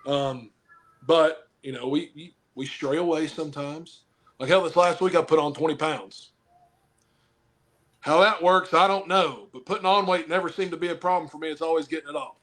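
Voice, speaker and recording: A man's voice: on the high side, fairly even intonation, moderate pace, a bit bright. A man who wrestles professionally and coaches football, chatting casually on a podcast, rambling and joking while he hands out blunt advice.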